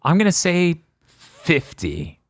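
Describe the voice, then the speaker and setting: A man's voice: fairly high pitch, huge pitch swings, slow, no echo. A man co-hosting a casual podcast review, rambling and laughing often. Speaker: podcast co-host.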